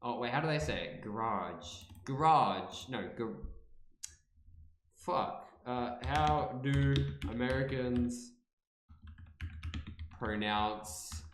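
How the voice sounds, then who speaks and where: A man's voice: medium pitch, slow, long pauses, reverberant. A man streaming live and reacting casually, playful, repeating words over and over and swearing freely.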